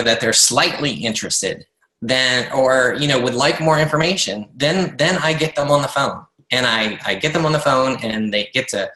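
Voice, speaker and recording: A man's voice: mid-range voice, bright, forceful tone, roomy sound, poor audio. A man leading a motivational team call as a business coach, talking earnestly with lots of fillers and restarts.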